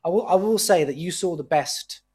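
A man who is a musician, a guest on a podcast, chatting in a relaxed, opinionated way. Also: high voice, brisk, breathy edge. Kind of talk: casual conversation.

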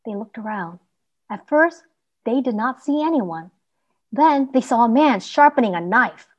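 A woman reads a children's story aloud, gentle and expressive. Her voice sits fairly high and shifts with the tale's mood. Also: unhurried, lo-fi sound.

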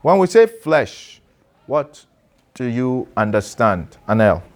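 A man's voice: mid-range voice, very animated, slow pace. A man preaching an interactive sermon to a class, asking questions and calling on people to read. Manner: conversational, asks listeners questions and calls on them to read. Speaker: pastor teaching a class.

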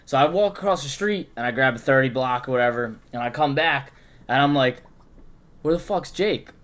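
A man's voice: medium pitch, fairly quick. A young man telling a rowdy story in a casual chat, swearing often and acting out his friends' lines. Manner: swears constantly, animated when quoting friends.

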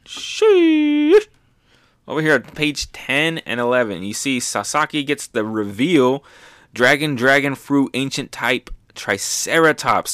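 A man hosting a casual manga recap, talking excitedly with lots of fillers and little bursts of hype. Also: medium pitch, clean tone, dry recording. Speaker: manga review host.

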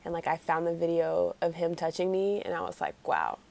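A woman's voice: lowish voice, level tone, brisk, gravelly, mellow. A young woman co-hosting a podcast, chatting casually and gushing as a fan, with lots of fillers. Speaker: podcast co-host. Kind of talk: casual chat.

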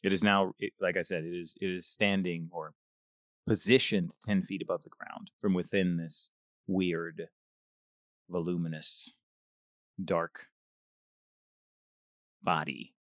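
A man's voice: sits low, steady tone, slow, pauses often, no room sound, studio quality. A man running a tabletop game as game master, explaining rules and thinking aloud with restarts.

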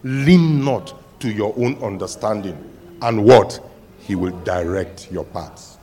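A man preaching a sermon as pastor, telling stories and rising to loud cries. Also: on the low side, slow.

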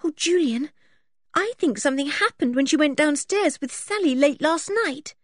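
Lady doing a high-pitched scared young girl, voice jumps around, dry close sound. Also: lively intonation, normal speed, no echo. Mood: anxious. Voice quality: high and bright. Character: frightened young girl, earnest and polite.

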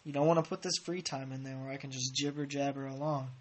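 A man's voice: medium pitch, steady tone, fast. A man hosting a podcast, chatting in a rambling, laid-back way with chuckling asides. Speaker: podcast host. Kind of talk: casual rambling chat.

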